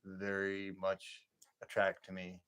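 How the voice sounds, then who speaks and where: A man with a fairly low voice hosting a relaxed late-night livestream. He rambles from story to story, laughs easily and answers viewers' comments as they come in. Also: takes it slowly, slight background noise. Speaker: livestream host.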